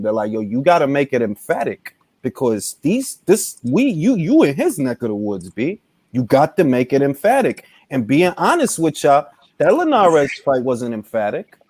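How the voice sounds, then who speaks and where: A man's voice: medium pitch, big pitch swings, normal speed, darkish tone, no echo. A man hosting a casual boxing panel chat, talking in an emphatic, slangy way. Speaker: podcast host.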